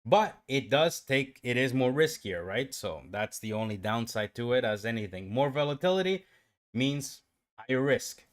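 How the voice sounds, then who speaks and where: Guy livestreaming his trades, mid-pitched voice, hypes himself up then explains calmly, desk mic. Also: moderate pace. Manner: self-talking, pumped up, swings from calm explaining to excited outbursts. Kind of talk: live-streamed trading commentary.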